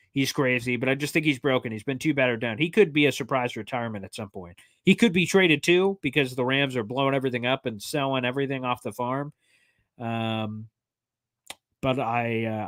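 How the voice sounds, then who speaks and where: A man hosting a casual sports livestream, answering fan questions in an excitable, jokey way with plenty of fillers. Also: mid-range voice, dry recording, clean studio sound. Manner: excitable, jokey, fast-talking with many fillers. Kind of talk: casual live chat reading fan questions.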